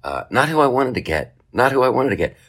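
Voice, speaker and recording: A man hosting a podcast, telling a comic story in a casual, profane way and jumping into high mocking voices for other people. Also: sing-song, quick pace, fairly bright tone. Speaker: podcast host.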